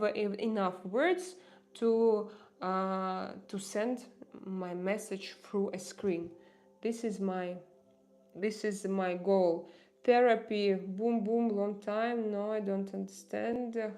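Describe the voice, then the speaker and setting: A livestream host with a Russian accent, who speaks English as a non-native, chats casually with her viewers, often pausing and restarting as she hunts for words. Her voice is mid-range with a darkish tone.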